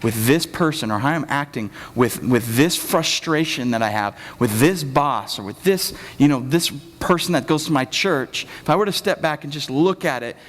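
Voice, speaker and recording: A man's voice: medium pitch, normal speed, hardly any pauses. Casual young man preaching in a reverberant hall. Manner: casual, joking preaching with lively acted-out quotes. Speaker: pastor. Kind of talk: sermon. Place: church hall.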